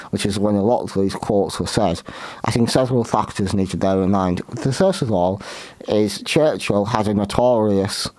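A man hosting a show, talking through history in a halting way with many restarts and fillers. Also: fairly low pitch, darkish tone, no room sound. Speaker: podcast host. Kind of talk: unscripted history commentary.

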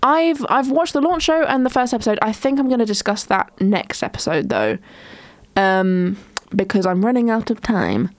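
A woman's voice: a little high, expressive, moderate pace, no room sound. A young woman, hosting a casual solo chat show, rambling with lots of ums and restarts. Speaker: podcast host.

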